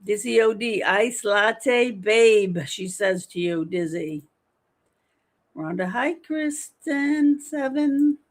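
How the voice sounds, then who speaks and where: A chatty woman in her fifties hosts a livestream from home. She talks in a casual, lively way, reading viewer comments aloud and answering them. Her voice sits at a middle pitch for a woman. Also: takes it slowly. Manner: chatty, animated, reads chat aloud. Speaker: livestream host.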